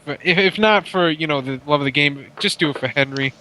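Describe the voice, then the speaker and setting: A man co-hosting a casual gaming podcast, telling stories in an animated, profane way. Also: a little high, brisk, a little hiss or hum. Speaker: podcast co-host.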